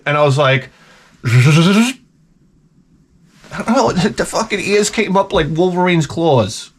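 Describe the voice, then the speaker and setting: A middle-aged man rants to his viewers in a sarcastic, profane way, his voice sitting a bit high and swinging widely in pitch as he tells his stories. He often jumps up into mocking higher tones and then drops low and quiet. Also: a little slow, pauses often. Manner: profane, sarcastic, animated storytelling. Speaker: vlogger. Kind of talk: casual rant to camera. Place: home.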